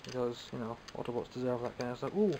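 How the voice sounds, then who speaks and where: A man's voice: medium pitch, fast talker, warm tone, slight background noise, rough recording. A man with a Scottish accent, chatting casually and self-mockingly while showing off toys he bought. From Scotland. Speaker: toy collector vlogger. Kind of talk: casual show-and-tell vlog.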